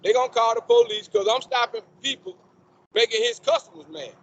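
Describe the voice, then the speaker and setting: A man's voice: very high-pitched, big pitch swings, a little fast, vocal fry, muffled recording, a little hiss or hum. A man preaching on the street in front of a store, emphatic and quoting scripture with rhetorical questions, recorded on a phone outdoors. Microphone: phone recording a video.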